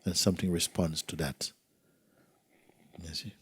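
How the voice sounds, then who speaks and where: Soft-spoken man with a deep husky voice. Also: level tone, unhurried, dry recording. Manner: soft-spoken, often sinking to a whisper; gentle, asks rhetorical questions like "you see?". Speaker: spiritual teacher. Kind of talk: spiritual talk, reading and answering letters.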